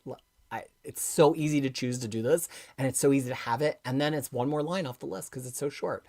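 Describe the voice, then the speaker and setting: A woman hosting a live comics stream, talking with passion and reading viewer comments aloud, going from quiet asides to loud, emphatic outbursts. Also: a bass voice, brisk. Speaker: comics livestream host.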